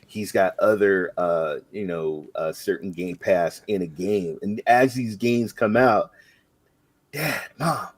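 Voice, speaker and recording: A middle-aged man from North Carolina, co-hosting a gaming podcast and telling stories with excitement. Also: deep voice, measured pace, few pauses, no room sound. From North Carolina, USA. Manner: excitable storyteller, acts out his younger self. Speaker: podcast co-host. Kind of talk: casual banter.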